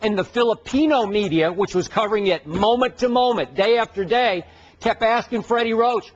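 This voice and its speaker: A man's voice: high-pitched, moderate pace, dull audio. A man hosting a heated sports debate, insistently laying out his case point by point. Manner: insistent, argumentative, lays out facts point by point.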